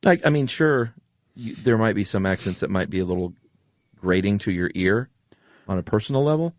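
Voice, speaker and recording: Deep-voiced, gushing American man. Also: lively intonation, a little fast, no room sound, clean studio sound. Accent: General American. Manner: gushing, enthusiastic, repeats himself. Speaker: podcast co-host. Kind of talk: casual chat.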